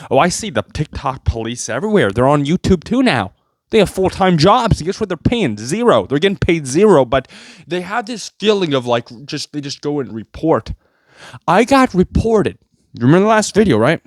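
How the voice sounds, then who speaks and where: A man's voice: big pitch swings, moderate pace, no room sound, studio quality. Sarcastic rambling male vlogger. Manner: sarcastic, rambling, jumpy pitch. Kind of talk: comedic rant to camera.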